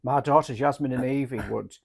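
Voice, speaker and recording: Husky-voiced man telling frank stories. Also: mid-range voice, a little fast. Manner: frank, jokey storyteller. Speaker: therapist and podcast co-host. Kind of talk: candid casual chat.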